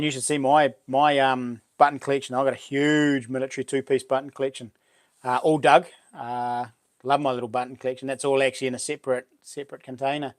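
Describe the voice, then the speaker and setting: A middle-aged man with a New Zealand accent hosting a casual live stream, greeting viewers by name in a chatty way. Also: medium pitch. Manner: chatty, reads out viewer names and greets them warmly. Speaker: livestream host.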